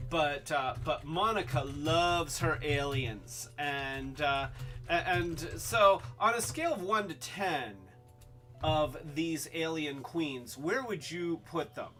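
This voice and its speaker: A man hosting a casual toy live stream, rambling and halting, with many restarts and fillers, and calling himself by a nickname in the third person. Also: fairly high pitch, bright, forceful tone. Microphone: webcam.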